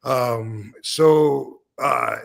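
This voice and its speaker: Male stream host, mid-pitched, talking loosely and bluntly with crude humor and lots of filler. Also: extremely slow, vocal fry. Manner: rambling and blunt, with crude jokes and many fillers. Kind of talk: casual live-stream chat.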